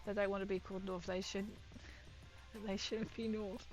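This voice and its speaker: A woman's voice: medium pitch, level tone, normal speed, faint music behind. A woman chatting casually as she paints miniatures, rambling and swearing now and then. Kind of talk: casual chat while painting.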